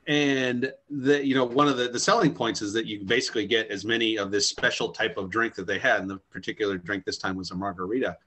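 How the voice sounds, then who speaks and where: A man's voice: lowish voice, steady tone, quick pace, few pauses, bright, forceful tone, slight background noise. A man on a comedy panel telling a meandering anecdote with dry asides. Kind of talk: improvised comedy chat.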